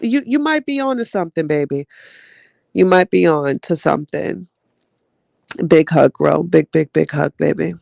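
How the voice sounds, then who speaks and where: A woman's voice: deep voice, normal speed, vocal fry, pauses often, a little mellow, no echo, studio quality. A woman hosting a podcast, talking casually and heartfelt with her listeners, chatty and drawling, often calling them "child" and "y'all". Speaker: podcast host reading live chat.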